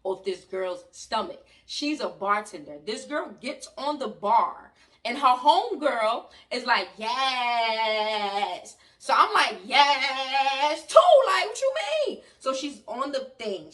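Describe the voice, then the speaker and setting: A woman from New York with a New York accent, telling a story in an animated, loud and slangy way and talking to her viewers. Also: fairly high pitch, normal speed. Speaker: vlogger. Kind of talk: storytime vlog. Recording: voice a bit distant from the mic.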